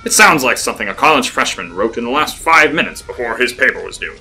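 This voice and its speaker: Male reader plays a wry middle-aged raconteur for an audio story: dry, teasing drawl, bright, crisp voice. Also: medium pitch, lively intonation, quick pace, faint music behind, full character voice. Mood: scoffing. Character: wry, sarcastic middle-aged man, cigar-chewing storyteller.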